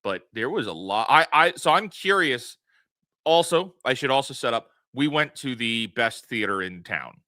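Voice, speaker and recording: A man from New York with a New York accent, co-hosting a podcast in an animated, excitable casual chat. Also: mid-range voice, moderate pace, no room sound. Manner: animated, excitable, laughs often. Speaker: podcast co-host.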